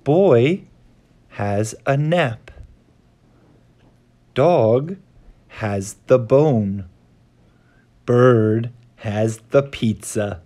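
A man reading a simple children's story aloud for English learners, in a clear and expressive way. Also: medium pitch, very slow, long pauses. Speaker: host of an English learning channel.

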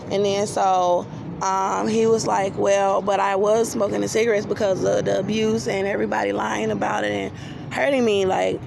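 Woman narrator with a gravelly, fry-heavy voice and flat intonation; rambling monologue, faint noise behind. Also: medium pitch. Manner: rambling, repeats herself, many restarts. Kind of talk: personal storytelling monologue.

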